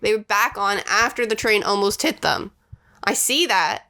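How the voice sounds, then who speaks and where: A woman's voice: medium pitch, normal speed, pushed and bright. A young woman chatting casually as a podcast guest, blunt and laughing often as she tells stories. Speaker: podcast guest, host's girlfriend. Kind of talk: casual chat.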